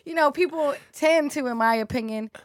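A woman in casual conversation, expressive and slangy, swinging between loud bursts and soft asides. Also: high voice, moderate pace, no echo, clean studio sound.

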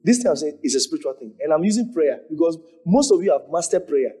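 Husky preacher man, animated teaching. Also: fairly high pitch, fast, soft background music. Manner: animated preaching, repeating phrases, acting out shouts. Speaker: pastor. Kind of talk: church teaching with questions.

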